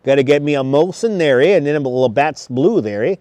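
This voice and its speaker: A man's voice: on the high side, expressive, a little mellow, no echo, close to an everyday voice. Man doing a jokey Canadian guy saying "eh". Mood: joking. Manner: drawn-out "eh?" tags. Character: jokey stereotyped Canadian guy, beer and hockey.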